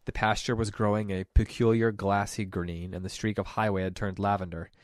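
A man with a lowish voice talks through a short story on a book podcast. He thinks aloud in a reflective, unhurried way and reads passages out between his comments. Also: level tone, dry recording, clean studio sound. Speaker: podcast co-host.

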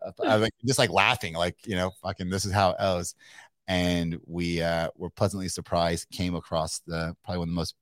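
A middle-aged man from Kentucky, a guest telling a business story in a casual, animated way with plenty of swearing, laughter and restarts. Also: sits low, a little fast, no room sound, clean studio sound. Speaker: guest entrepreneur.

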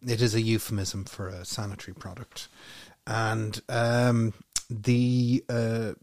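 A man's voice: fairly low pitch, level tone, slow pace, a little mellow, no room sound, clean studio sound. A man co-hosting a podcast, chatting casually and musing his way wryly through his points. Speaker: podcast co-host. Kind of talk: casual chat.

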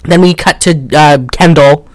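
A man's voice: a little high, fairly even intonation, a little slow, no echo. A man co-hosting a casual chat, recapping a film in a rambling, jokey way with lots of fillers. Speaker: podcast co-host.

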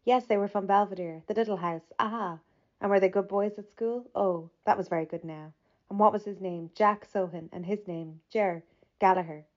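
A woman narrating a literary audiobook in a measured, even reading that lifts slightly for quoted speech. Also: mid-range voice. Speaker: audiobook reader. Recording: slightly muffled lo-fi recording.

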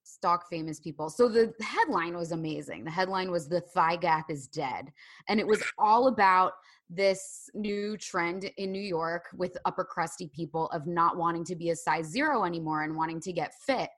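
A woman co-hosting a podcast in casual chat, wry and gossipy with quick asides. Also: fairly low pitch, a bit bright. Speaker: podcast co-host.

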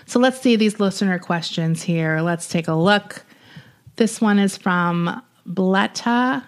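A woman's voice: medium pitch, slow pace. A woman co-hosting a podcast in casual chat, reading news stories aloud with lots of uhs and likes. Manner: relaxed, loose, filler-heavy with many uhs and likes. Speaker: podcast co-host.

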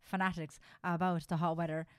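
An Irish woman co-hosting a casual podcast, animated, swearing freely and laughing often. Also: on the low side, a little fast, clean tone, dry recording, clean studio sound. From Ireland. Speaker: podcast co-host. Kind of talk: casual chat.

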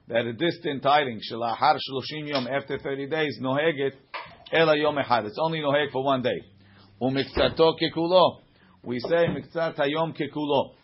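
Leading a Talmud class, a man recites each line and then unpacks it in everyday English. His medium-pitched voice is a bit husky, and the audio is muffled and lo-fi.

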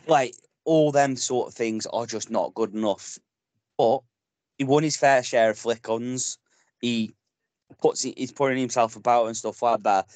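A man's voice: medium pitch, dry recording. Blunt, fired-up man. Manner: blunt, passionate, swears freely. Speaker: podcast co-host. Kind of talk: casual football podcast chat.

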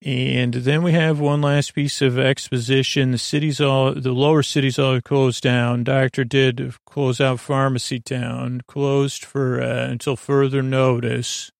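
Man, podcast host, bedtime recap, rambling, halting, gravelly, dry close sound. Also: mid-range voice, little pitch movement, dry recording. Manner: rambling, halting, with many fillers; acts out quoted lines in a near-plain voice. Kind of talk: casual bedtime episode recap.

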